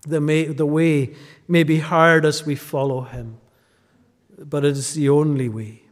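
A man delivers a sermon at an unhurried pace, his voice sitting somewhat high. He stretches out important words and lets the ends of lines sink to a hush. Long reverb from the church hall trails behind each phrase. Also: little pitch movement. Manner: slow, deliberate preaching, drawing out key phrases and dropping to a hush at ends. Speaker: pastor.

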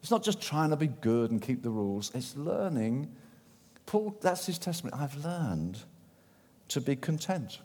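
A man preaching a sermon, acting out quoted voices and moving between loud appeals and hushed asides. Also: mid-range voice, very animated, moderate pace, long reverb tail.

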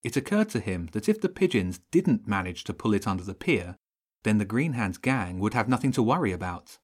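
A man reading a children's audiobook in steady, measured narration. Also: lowish voice.

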